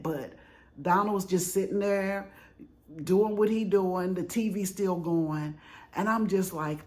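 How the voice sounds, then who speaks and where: Chatty woman telling a story. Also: lowish voice. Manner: animated, chatty, dramatic retelling. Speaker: vlogger. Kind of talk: casual storytelling.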